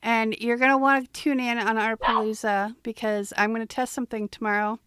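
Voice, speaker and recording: A woman with a smooth, fairly high voice hosts a casual art livestream. She rambles a little and thinks out loud, with plenty of fillers, and her voice sounds dry and close. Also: little pitch movement, brisk, no room sound. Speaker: livestream host and artist.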